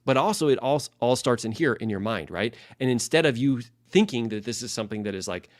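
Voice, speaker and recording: A man's voice: mid-range voice, animated, brisk, dry recording, clean studio sound. A man, a leadership and life coach, teaching casually with many fillers and restarts and acting out sample phrases.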